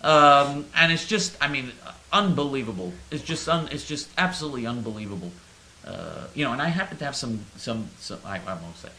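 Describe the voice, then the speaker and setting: A man's voice: medium pitch, animated, brisk, sharp tone, echoey room, slight background noise, rough recording. A male host delivering a sarcastic, rambling satirical monologue, stammering over his words.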